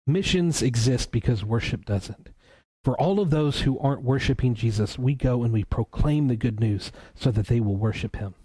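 Male pastor, warm mellow tone, earnest preacher who repeats words for emphasis. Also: medium pitch, husky, low-quality recording. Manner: reads scripture aloud slowly. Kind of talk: sermon.

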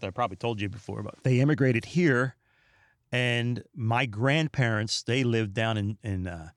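A middle-aged man hosting a podcast, talking in an animated, emphatic and opinionated casual monologue. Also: on the low side, dry recording, clean studio sound. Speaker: podcast host.

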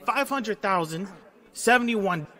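A man's voice: high voice, expressive, unhurried, very noisy. Man doing a rambling old president. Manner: meandering, folksy digressions. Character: rambling elderly male president, folksy and confused.

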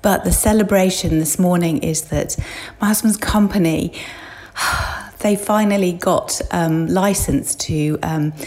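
A woman's voice: fairly low pitch, a little mellow. A middle-aged English woman keeping a casual spoken diary, chatty and emotional, sighing and laughing between thoughts. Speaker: florist keeping an audio diary. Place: at home and in a van.

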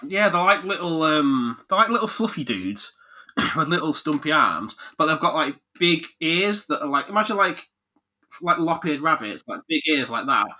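Animated guy, bright voice. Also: on the high side, moderate pace. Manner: animated, jokey, laughs a lot. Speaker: podcast host, game reviewer. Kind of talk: casual chat.

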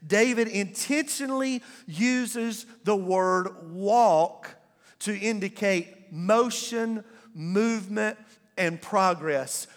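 A man preaches in a church sanctuary, his voice high for a man and his delivery slow and deliberate. He calls on the congregation to answer back and stretches key words for emphasis. The sound carries a long reverb from the large hall. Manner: call-and-response preaching, drawn-out emphatic words. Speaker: pastor. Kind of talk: sermon.

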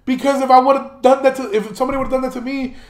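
Young male podcast host, high-pitched, loose and profane storyteller, roomy echo. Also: fairly even intonation, quick pace. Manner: profane, rambling, laughs while telling. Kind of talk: casual storytelling monologue.

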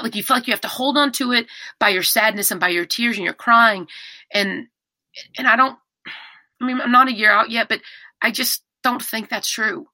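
A woman's voice: a little high, creaky, no room sound. A middle-aged woman, a podcast guest talking candidly and animatedly about hard personal things. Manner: candid, animated, many restarts. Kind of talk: emotional personal conversation.

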